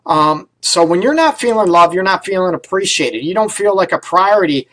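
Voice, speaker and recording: A male counselor giving relationship advice on his radio show, in a loose, conversational way. His voice sits a touch higher than most men's. He keeps checking in with "right?" and "you know" and is not shy about a mild curse. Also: lively intonation, moderate pace, a bit bright, rough recording. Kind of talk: casual radio advice talk.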